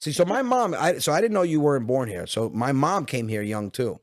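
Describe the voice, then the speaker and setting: Lively comedian telling stories. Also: male voice, medium pitch, brisk, dry recording, clean studio sound. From New York. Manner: animated, jumps into voices. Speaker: comedian guest. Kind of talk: casual podcast storytelling.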